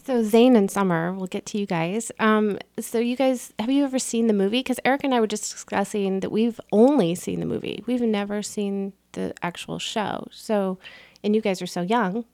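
A woman's voice: mid-range voice, moderate pace, darkish tone, dry recording. A woman co-hosting an interview, asking guests questions in a friendly, curious way. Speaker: co-host. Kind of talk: casual interview chat.

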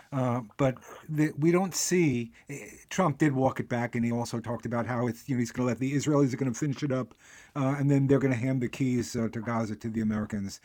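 A man interviewing a guest on the radio, asking halting questions with filler sounds. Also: mid-range voice, darkish tone, no echo.

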